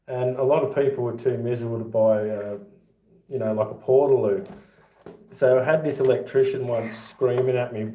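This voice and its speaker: A man's voice: medium pitch, dark tone. A middle-aged Australian man hosting a casual livestream, telling stories and laughing through his own yarns. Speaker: livestream host. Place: home with boxed-up rooms. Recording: echoey room.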